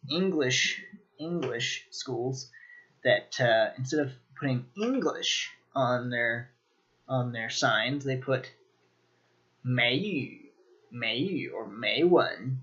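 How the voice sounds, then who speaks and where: A man teaching a casual video lesson takes his time, speaking slowly and filling pauses with ums and restarts. His voice sits at an average pitch, and the recording sounds a little dull and lo-fi. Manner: relaxed, lots of ums and restarts. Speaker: language teacher.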